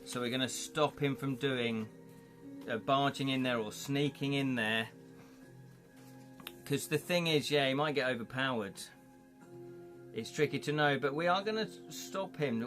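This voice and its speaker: A chatty man running a live-streamed story game, narrating in a mid-range voice and bantering jovially with his viewers. His delivery is relaxed and conversational. Faint music plays softly behind him. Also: medium pitch. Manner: jovial, chatty, reads chat aloud. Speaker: streamer running an interactive gamebook.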